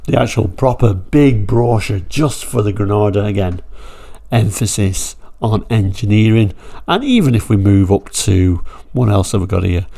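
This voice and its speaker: A man's voice: lowish voice, expressive, normal speed, creaky, warm tone. A man hosting his channel, chatting his way through old car brochures in a rambling style that drifts off and then pulls itself back on track. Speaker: channel host.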